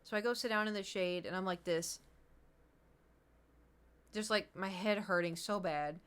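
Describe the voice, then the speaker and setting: A woman's voice: medium pitch, measured pace, smooth. A young woman streamer casually telling a long story to her chat, acting out what her friends said, rambling and restarting. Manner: animated, acts out quotes of friends, rambling with restarts.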